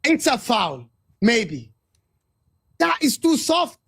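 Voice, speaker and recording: Guest pundit, male, from Egypt: high, gravelly voice, passionate, repetitive football ranting. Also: huge pitch swings, takes it slowly, fairly bright tone. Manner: passionate ranting, repeats his points. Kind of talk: heated football talk on a live stream.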